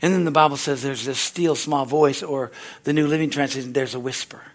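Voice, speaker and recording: A man preaching a sermon in a conversational style, often asking the congregation "Amen?" and acting out quoted voices, rising loud at climaxes and dropping soft. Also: medium pitch, steady tone, brisk. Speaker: pastor.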